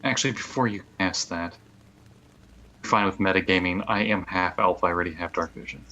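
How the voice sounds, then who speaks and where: A man playing a tabletop game, speaking quickly and matter-of-factly. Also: sits low, bright, forceful tone, lo-fi sound. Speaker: player.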